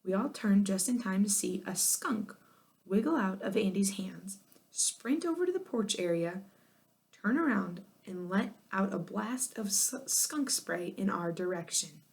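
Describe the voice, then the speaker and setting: A woman narrating a children's chapter book in an expressive, lively way. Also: medium pitch, measured pace, vocal fry. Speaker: audiobook narrator. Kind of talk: children's storybook reading.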